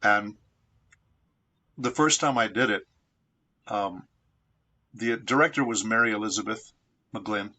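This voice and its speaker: A man from San Diego, a voice actor being interviewed, telling anecdotes in a measured, reflective way. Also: on the low side, pushed and bright, highs cut off. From San Diego, United States. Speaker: voice actor guest.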